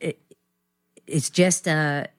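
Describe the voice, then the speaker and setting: A woman's voice: low voice, steady tone, extremely slow, clean tone. A woman in her fifties, a guest actress in a casual podcast interview, rambling and self-deprecating with many restarts.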